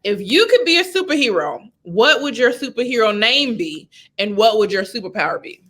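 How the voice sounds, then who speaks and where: Bright sassy lady host, kinda high voice, teasing questions in a loose chat. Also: sing-song, normal speed. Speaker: show host. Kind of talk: casual interview chat.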